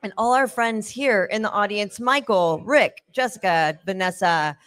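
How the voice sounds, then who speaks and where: A woman's voice: medium pitch, unhurried, fairly bright tone. A woman hosting a live talk show from a bar, running through names and thanks in an upbeat way. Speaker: show host.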